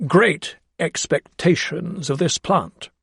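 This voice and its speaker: Guy doing a stiff old gentleman scientist, formal, pushes his words hard, dry close sound. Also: takes it slowly, creaky, husky, no room sound, full character voice. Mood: guarded. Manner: emphatic, formal and raised in pitch. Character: solemn, guarded elderly gentleman of science.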